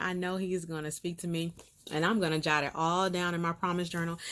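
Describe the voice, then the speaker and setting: An excitable woman talks straight to her viewers in a casual update, with a voice that sits a little low for a woman. She repeats words for emphasis, laughs easily, and gets emotional enough to sound close to tears. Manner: bubbly and emphatic, with frequent laughs and repeated phrases. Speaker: host of a faith-based video series. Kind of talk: casual direct-to-camera update.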